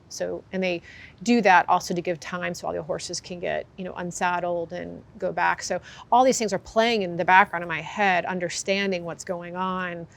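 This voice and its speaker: A woman horse trainer in an interview, telling her story candidly with animated, lively delivery and frequent fillers. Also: lowish voice, creaky. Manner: animated, acts out quoted reactions, frequent fillers.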